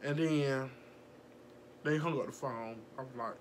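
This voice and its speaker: A young woman telling a casual storytime vlog, animated and profane, laughing often and acting out the people in her story. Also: a bass voice, a little slow, slight background noise. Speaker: vlogger.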